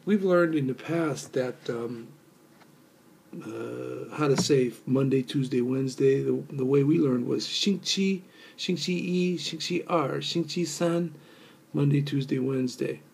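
A man's voice: mid-range voice, measured pace, gravelly, darkish tone, slight background noise. A man teaching a recorded language lesson, explaining step by step with fillers and patiently repeating phrases for learners to echo. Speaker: Mandarin teacher.

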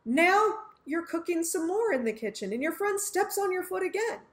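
A woman's voice: very high-pitched, sing-song, moderate pace. A woman giving an earnest Bible teaching, explaining scripture through everyday scenarios she acts out.

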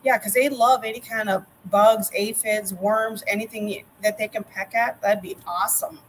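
A middle-aged woman, a master gardener guest, chatting casually and telling lively anecdotes. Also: mid-range voice, normal speed, slight background noise, low-quality recording. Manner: lively anecdotes, acts out quotes. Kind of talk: casual storytelling chat.

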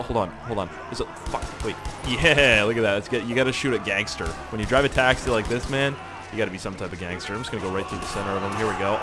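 A man giving casual gameplay commentary, excitable, swearing often and laughing at surprises. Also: lowish voice, fast. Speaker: gaming channel host.

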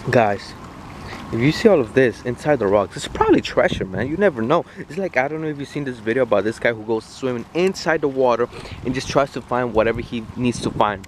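Young guy filming himself outside by the water, hyped slangy chatter, mid pitch, traffic noise all around. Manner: excitable, slangy, talks straight to viewers. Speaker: vlogger. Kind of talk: casual outdoor vlog chat. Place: outdoors by a waterfront in drizzle. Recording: outdoor phone audio with street noise.

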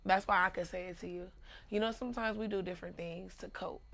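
A woman's voice: on the low side, steady tone, fast talker, vocal fry, fairly bright tone. A middle-aged woman hosting a casual interview chat, frank and encouraging, with a Los Angeles vernacular accent. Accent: African American Vernacular English, Los Angeles. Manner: encouraging, frank, curse-laced. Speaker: host.

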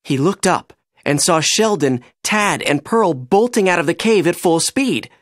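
A narrator reading a children's storybook aloud in an expressive, animated way. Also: medium pitch, a little slow, no room sound, studio quality.

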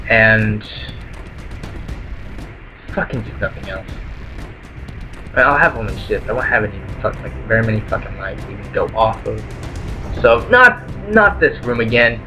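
A man's voice: medium pitch, a bit bright, low-quality recording. A man giving casual let's play commentary at home, rambling through lots of ums and swearing constantly.

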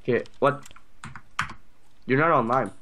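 A man's voice: mid-range voice, measured pace, background noise. A man hosting a casual gameplay video, rambling with lots of fillers and yelping when things go wrong. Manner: excitable and rambling, full of fillers and yelps. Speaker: gaming video host.

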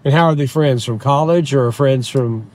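A man's voice: medium pitch, moderate pace, darkish tone. An older man with a Southern accent, a driver and host chatting casually with a passenger in his car. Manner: chatty, playful, jokes with put-on accents. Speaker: rideshare driver and podcast host. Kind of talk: casual chat. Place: inside a car. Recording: noisy car interior.

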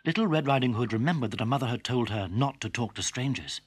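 A man reading a children's story aloud in a gentle, expressive narration. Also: medium pitch, fast talker, slightly rough. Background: background music.

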